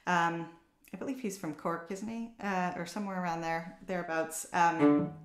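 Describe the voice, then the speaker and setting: A woman's voice: on the low side, moderate pace, soft background music. Lady teaching cello online, lots of ums, kinda echoey room. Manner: relaxed, explanatory, with frequent fillers and restarts. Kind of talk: online masterclass.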